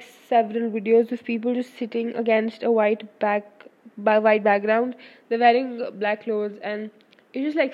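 A young woman, a student, telling a story in a fast, rambling way, full of fillers and self-corrections, and swearing casually. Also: on the high side. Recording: dull lo-fi recording.

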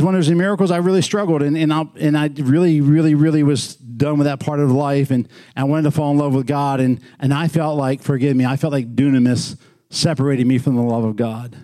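A man's voice: mid-range voice, dark tone. A male pastor preaching a sermon in a small church, talking conversationally, prodding the congregation with questions and repeating words for emphasis.

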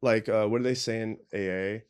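Casual podcast guest: man, lower-pitched voice, rambling, self-deprecating delivery. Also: steady tone, fairly quick, a little mellow, clean tone. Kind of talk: casual chat.

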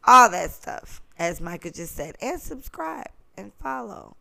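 A woman co-hosting a podcast in casual chat, animated and emotional, swearing freely as she tells stories. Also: medium pitch, measured pace, gravelly. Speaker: podcast co-host.

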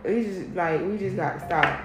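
A woman's voice: on the low side, normal speed. Blunt, profane woman ranting in an echoey room. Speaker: vlogger. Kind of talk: casual monologue rant. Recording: roomy echo with faint music.

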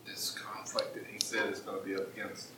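Low-voiced man asking questions from afar. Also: monotone, fairly quick, in a whisper. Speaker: class member asking questions. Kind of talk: classroom discussion. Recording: distant, echoey room with noise.

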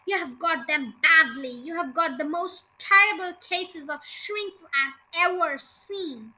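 Brief: woman reading as a nasty old prankster husband, gloating, bright and high. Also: measured pace, heavily acted, poor audio. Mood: taunting. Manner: gloating, taunting. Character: nasty scheming old man, cruel prankster. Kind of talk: reading a children's book aloud.

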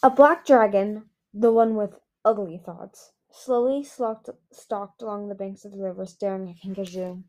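A woman's voice: mid-range voice, fairly even intonation, moderate pace, hardly any pauses, a little mellow. A woman reading a fantasy novel aloud, hesitant, with frequent restarts. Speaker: audiobook reader.

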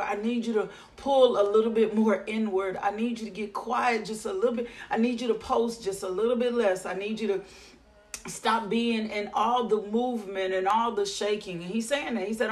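A woman preaching a devotional sermon in a rhythmic, repetitive style with drawn-out phrases. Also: mid-range voice.

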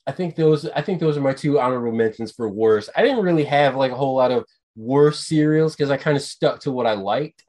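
A man co-hosting a podcast in casual chat, ranting with profanity and getting animated. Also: mid-range voice, brisk. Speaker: podcast co-host.

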